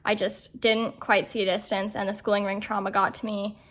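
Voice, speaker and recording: A woman's voice: medium pitch, flat delivery, brisk, fairly bright tone. A young woman vlogger and rider, talking in a chatty, self-deprecating way with lots of "like". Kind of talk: casual vlog voiceover and on-camera chat.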